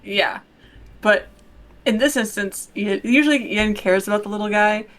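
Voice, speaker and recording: A woman's voice: mid-range voice, normal speed, a bit bright. Woman playing a tabletop game. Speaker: player. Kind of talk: casual game chat.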